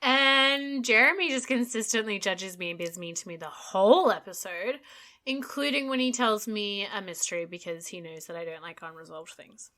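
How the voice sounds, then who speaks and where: Twenties woman, podcast co-host, bright and giggly, loose chatty delivery. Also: mid-range voice, moderate pace. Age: 20s. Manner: giggly, swears freely, self-deprecating. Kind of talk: casual chat.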